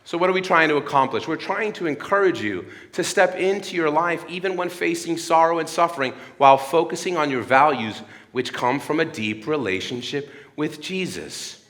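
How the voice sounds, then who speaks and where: A man's voice: fairly high pitch, lively intonation, moderate pace, hardly any pauses, fairly bright tone, long reverb tail. A man in his thirties giving an earnest sermon-like talk at a church. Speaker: speaker at a church. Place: church hall.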